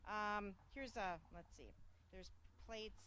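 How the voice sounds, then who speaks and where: Woman, cooking-show host, mid-pitched, upbeat and chatty with lots of ums. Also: slow pace, bright, forceful tone. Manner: chatty, filler-heavy, upbeat promotional. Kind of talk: live cooking show hosting.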